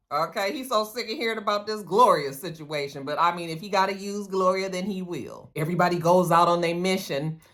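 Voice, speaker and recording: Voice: mid-range voice, sharp tone. A chatty vlogger recapping a TV episode in loose, slangy talk. They curse freely and keep dropping in asides, with a mid-range voice. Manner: chatty, slangy, profane, quick side comments. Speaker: TV episode reviewer.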